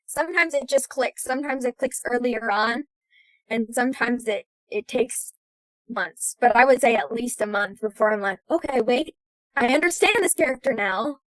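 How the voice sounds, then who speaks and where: A woman's voice: fairly high pitch, moderate pace, a bit bright, no echo, rough recording. A young American woman, an actress, talking thoughtfully as a podcast guest. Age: young adult. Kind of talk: casual interview.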